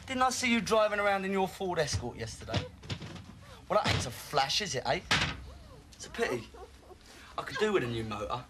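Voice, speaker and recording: Brief: sneering thug, swinging pitch, hissy old broadcast tape. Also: male voice, very animated, fairly quick, long pauses. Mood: menacing. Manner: barking orders, sneering. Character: menacing male robber, thuggish and mocking. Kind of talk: TV crime reconstruction acting.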